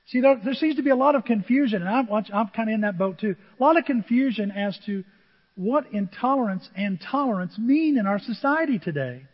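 A middle-aged man preaching a sermon, telling humorous stories with animated asides to the congregation. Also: high-pitched, breathy edge. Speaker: pastor. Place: church sanctuary. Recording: dull reverberant church recording.

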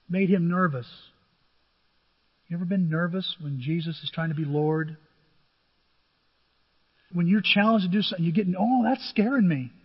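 Older man, pastor, sermon, husky, storytelling, long hall reverb. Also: a little high, muffled recording. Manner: conversational storytelling, acts out biblical dialogue.

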